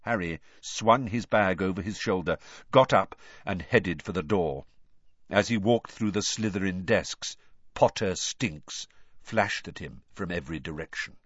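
A man reading a story aloud with expressive, varied narration. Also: low-pitched, normal speed, no room sound, lo-fi sound. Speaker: audiobook reader.

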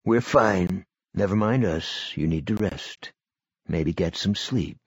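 A man voicing a grim, steady male leader who talks low and quiet. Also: takes it slowly, husky, no room sound, studio quality, full character voice.

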